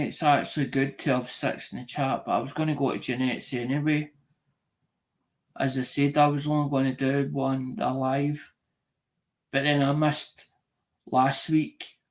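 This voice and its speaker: A man with a Scottish accent and a slightly high voice chats casually on a live stream, rambling and frequently restarting and repeating himself.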